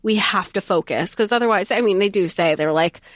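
Woman co-host, casual book chat, lively quoting, middle pitch. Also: fairly quick, no room sound. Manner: animated, acts out quotes, laughs often. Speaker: podcast co-host.

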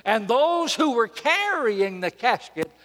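A man preaching a sermon from a church pulpit, dramatic and emphatic, repeating phrases and swinging between loud and soft. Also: very high-pitched, big pitch swings, slow, big-room sound.

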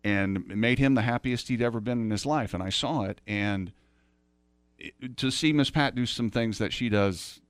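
A man's voice: medium pitch, normal speed, no room sound. A man hosting a podcast, chatting casually in a rambling, self-interrupting way. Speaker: podcast host. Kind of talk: casual chat.

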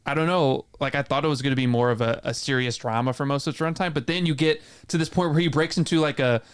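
A man's voice: mid-range voice, quick pace, smooth. A man co-hosting a podcast, chatting enthusiastically about movies with a lot of "like" fillers. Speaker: podcast co-host. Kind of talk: casual movie review chat.

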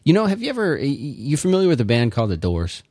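A man's voice: medium pitch, huge pitch swings, fast, darkish tone, no room sound. Dry, teasing man in casual chat. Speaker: podcast co-host.

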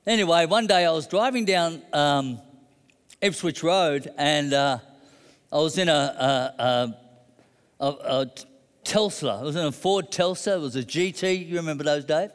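A man's voice: a little high, a little slow, clean tone, long reverb tail. A middle-aged man preaching a sermon, telling a personal story conversationally and building to emphatic declarations.

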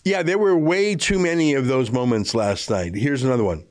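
A man's voice: medium pitch, moderate pace, darkish tone. A man hosting a political commentary show, delivering scripted remarks in a scornful, emphatic way.

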